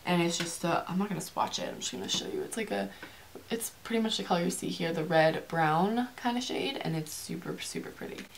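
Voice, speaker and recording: Young woman rambling thru her faves, chatty and fast, kinda low voice. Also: creaky, slight background noise. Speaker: beauty vlogger. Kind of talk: casual chatty product review.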